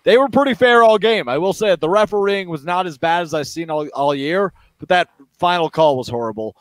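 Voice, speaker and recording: A man hosting a post-game sports talk show, talking quickly with lots of fillers and getting worked up. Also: sits high, no echo. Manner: fast, excited, many fillers. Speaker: show host.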